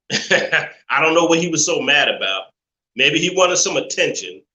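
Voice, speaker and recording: A man's voice: fairly high pitch, big pitch swings, unhurried, bright, forceful tone, echoey room, rough recording. A man hosting a live call-in stream, talking in an opinionated, preachy way and laughing often as he reads chat messages. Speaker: live show host.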